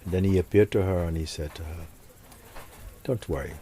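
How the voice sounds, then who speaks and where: Soft-spoken man, low and dark. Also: steady tone, quick pace, a little hiss or hum. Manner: reflective, soft-spoken, often sinks to near a whisper. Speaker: spiritual teacher. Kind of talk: storytelling talk to listeners.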